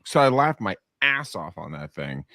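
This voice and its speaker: A man with a low voice that still moves up and down a lot. He often restarts his sentences in a relaxed round-table chat. The sound is close and dry. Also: normal speed, no echo. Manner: hesitant, repeats words when starting. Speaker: podcast co-host.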